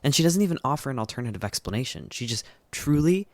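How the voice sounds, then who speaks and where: A man's voice: mid-range voice, sing-song, fast, no echo. A man giving a chatty, candid book summary, full of "like" and the odd swear word. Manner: chatty, filler-heavy retelling with frequent "like". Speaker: book reviewer. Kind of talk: casual book summary monologue.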